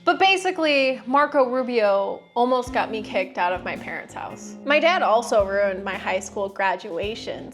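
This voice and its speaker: A young woman tells her own story straight to camera, blunt and sarcastic, with swearing slipped in. Her voice sits a little high for a woman. Soft music plays faintly underneath. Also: lively intonation, normal speed, hardly any pauses. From United States. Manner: frank, sarcastic, swears freely. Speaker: vlogger. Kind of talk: candid personal storytelling.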